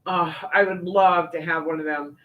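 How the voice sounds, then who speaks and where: A woman's voice: lowish voice, steady tone, normal speed, narrow, tinny audio. An older woman, chatting casually as the host of a livestream, folksy and full of fillers and asides. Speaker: livestream host reading viewer comments. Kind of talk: casual chat.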